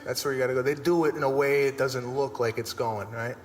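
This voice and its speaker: A middle-aged male comedian telling stories on stage in an animated, exasperated way, acting out the voices of the people in his stories. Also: mid-range voice, fairly quick. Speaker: stand-up comedian. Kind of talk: stand-up comedy routine. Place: large theater stage. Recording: echoey hall, live audience ambience.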